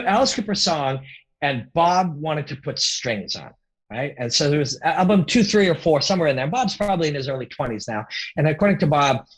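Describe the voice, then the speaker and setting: A middle-aged man, a podcast guest and former rock musician, telling stories in a casual, animated and profane way. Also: a little high, low-quality recording. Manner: animated, profane, acts out quoted voices. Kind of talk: casual storytelling.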